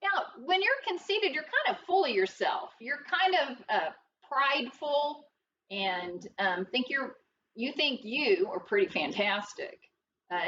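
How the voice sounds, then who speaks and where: A woman works through a phonics lesson slowly and patiently, encouraging young learners. Her voice sits high and sounds bright. The recording is a little dull and muffled, with a faint hiss underneath. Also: far from the mic. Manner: slow, patient, encouraging, sing-song explaining. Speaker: phonics teacher.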